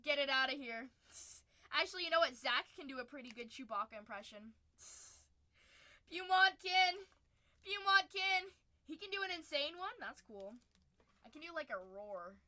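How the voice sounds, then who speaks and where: Bright, high-voiced woman streaming card breaks. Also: lively intonation, fast. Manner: chatty and upbeat, calling out each card pulled. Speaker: host of a live trading card break stream. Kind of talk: casual live-stream chat.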